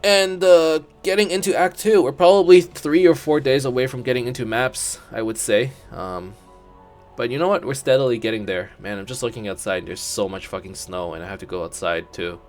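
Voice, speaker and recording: A man's voice: medium pitch, brisk, faint music behind. A man hosting a gaming channel, giving laid-back commentary as he plays, thinking aloud and swearing casually.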